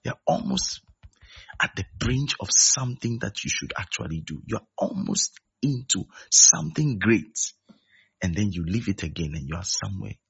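A man's voice: fairly low pitch, expressive, normal speed, vocal fry, fairly bright tone, breathy edge. A man preaching a sermon, emphatic and repeating his key phrases. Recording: dull lo-fi recording.

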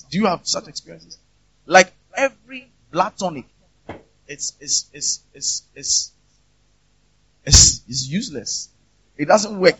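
A man's voice: sits high, fairly bright tone, breathy edge, no room sound. A man preaching a conversational sermon, asking rhetorical questions and acting out the voices of people he quotes. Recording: dull, lo-fi recording.

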